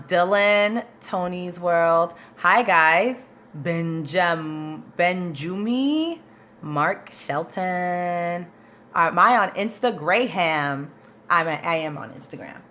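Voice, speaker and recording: A woman's voice: lowish voice, drawn-out words, pushed and bright. A woman vocal coach chatting loosely and thinking aloud as she answers questions on a live stream into her phone camera.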